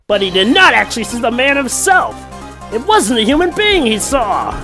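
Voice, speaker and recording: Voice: mid-range voice, sing-song, moderate pace. Phoenix Wright read by a commentator. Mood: declaring. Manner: dramatic exclamations, playful. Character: young male defense lawyer, confident and theatrical. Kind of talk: reading game dialogue aloud on a let's play. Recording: game music behind the voice.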